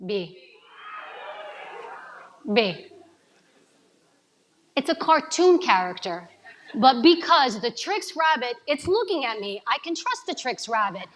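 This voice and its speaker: A woman from New giving an energetic coaching talk to a live audience, asking them questions. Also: sits high, slow, long pauses. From New York City. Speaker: speaker at a summit.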